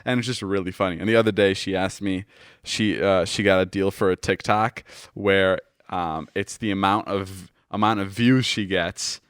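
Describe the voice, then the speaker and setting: Dry-voiced man telling lively stories. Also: low voice, moderate pace, clean tone, no echo. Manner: animated storyteller, acts out quoted texts, swears freely. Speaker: podcast host. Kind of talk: casual podcast chat. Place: podcast studio.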